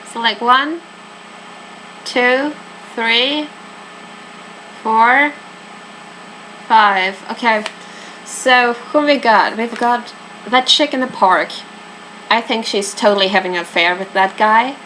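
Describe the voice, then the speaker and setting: A woman casually commenting on a mystery game, chatty and thinking out loud as she weighs the suspects. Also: fairly high pitch, slow pace, long pauses, slight background noise, low-quality recording. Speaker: let's play host.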